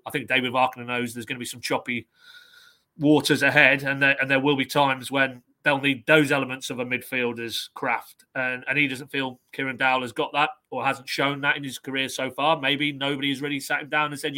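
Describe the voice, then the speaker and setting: A football reporter talks through a match on a podcast in a measured way, sometimes reading quotes from his notes. His voice is bright and forceful. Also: mid-range voice, little pitch movement. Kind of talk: casual football podcast analysis.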